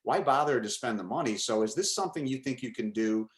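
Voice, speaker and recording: A man's voice: medium pitch, expressive, fast talker. A man hosting an interview as a coach, talking sincerely and emphatically with a client. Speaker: coach and program host. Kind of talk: casual interview. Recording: echoey room.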